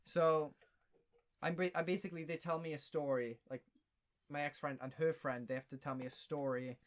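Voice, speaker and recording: A man's voice: fairly high pitch, steady tone, normal speed. A young man on a podcast, telling a story in loose casual chat, often stopping and repeating himself. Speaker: podcast co-host.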